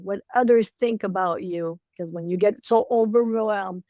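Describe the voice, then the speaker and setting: A woman's voice: mid-range voice, moderate pace, mellow, no room sound, dull audio. An older woman, a co-parenting coach, telling personal stories in an emotional, repetitive way as a podcast guest. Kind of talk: casual interview chat.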